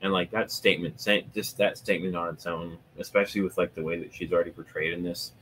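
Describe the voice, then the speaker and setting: A man's voice: low-pitched, fairly even intonation, fast, fairly bright tone, slight background noise, rough recording. A man reacting to fan fiction in casual chat, bluntly critical and exasperated.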